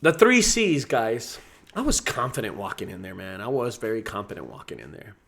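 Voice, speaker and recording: A man's voice: on the low side, sing-song, normal speed, gravelly, a bit bright. A man who runs a junk removal business, teaching sales in a casual, profane, storytelling way. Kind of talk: casual teaching talk to camera.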